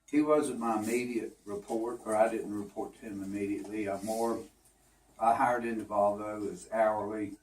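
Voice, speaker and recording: A man recalling a former coworker in an informal tribute speech, reminiscing in a measured way. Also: fairly low pitch, darkish tone. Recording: echoey room from far off, faint noise.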